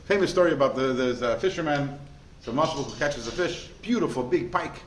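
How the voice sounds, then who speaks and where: A man, a rabbi teaching a class, in a lively way, often asking the listeners questions. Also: medium pitch, a little fast. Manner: animated, asks the class rhetorical questions. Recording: echoey room with faint noise.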